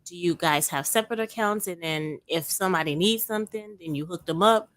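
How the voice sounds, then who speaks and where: A woman co-hosting a podcast, asking questions and reacting in a lively way. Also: on the low side, fairly quick, dry recording. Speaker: co-host. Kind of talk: casual podcast chat.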